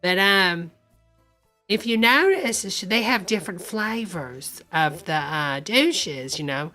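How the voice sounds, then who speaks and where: A woman's voice: on the low side, animated, slow, pushed and bright, soft background music. An older woman, hosting a casual live stream and chatting folksily with viewers, calling everyone honey.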